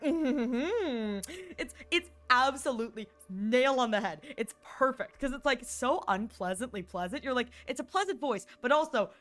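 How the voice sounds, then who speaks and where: Giggly, animated woman streamer. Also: on the high side. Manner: animated and giggly, with playful mock voices. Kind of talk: casual chat on a game stream.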